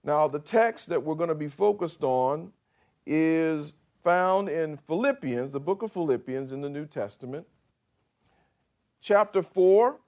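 A middle-aged male pastor preaching a sermon, slow and emphatic, swinging from quiet to loud for effect. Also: fairly high pitch.

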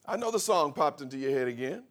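A man's voice: a little high, lively intonation, fast talker. Emphatic male preacher, sermon. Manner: emphatic preacher, swelling to shouts on scripture. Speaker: pastor. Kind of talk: sermon with call and response. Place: church before a congregation.

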